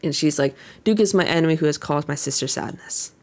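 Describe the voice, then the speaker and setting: Speaking in a deep voice at a brisk pace, a young female VTuber gives casual commentary on an anime episode, paraphrasing the characters' dialogue with plenty of fillers.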